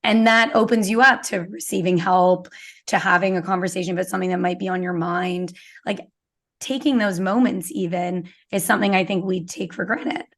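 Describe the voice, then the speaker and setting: A woman's voice: fairly low pitch, fairly even intonation, normal speed. A young woman with a Canadian accent, a guest in a casual interview, talking earnestly with many fillers and little acted-out quotes. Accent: Canadian English. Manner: earnest, filler-heavy, acts out quoted thoughts. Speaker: podcast guest, business owner.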